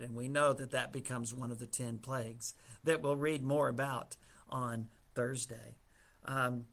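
A man's voice: medium pitch, moderate pace, fairly bright tone. A man teaching a Bible study, retelling the story casually with humorous asides.

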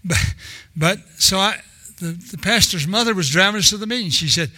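A man's voice: high voice, normal speed, bright, forceful tone, dry recording. An older man preaching a sermon in a rambling, storytelling way, often restarting his sentences.

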